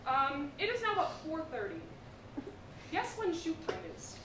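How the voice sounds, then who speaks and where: A young woman performing a stand-up comedy set on a theatre stage, telling animated stories with asides to the crowd. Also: extremely high pitch, moderate pace, far from the mic. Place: theatre stage with a live audience. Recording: roomy hall recorded from afar, noisy.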